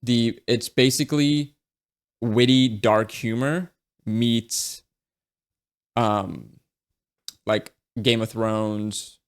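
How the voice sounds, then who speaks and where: A man's voice: mid-range voice, steady tone, drawn-out words, long pauses, clean tone. A man talking casually and enthusiastically about books, swearing freely and dropping lots of "like" and "right?" as he goes. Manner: frequent fillers and tag questions. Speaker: book reviewer. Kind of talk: casual chat.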